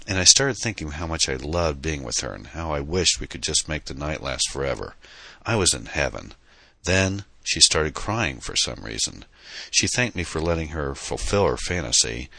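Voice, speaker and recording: A man's voice: rumbling low, vocal fry, sharp tone, no room sound, full character voice. A man playing a troubled, skeptical young man. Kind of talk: audiobook character reading.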